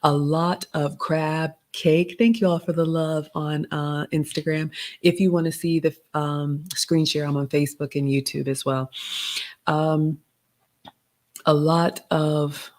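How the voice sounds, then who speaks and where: A middle-aged woman, a little raspy today, hosting a casual live stream and chatting through a menu with etiquette tips. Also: deep voice, flat delivery, measured pace, darkish tone. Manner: chatty, gives etiquette tips, addresses viewers as y'all. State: slightly raspy. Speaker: host of a live stream reviewing a restaurant menu.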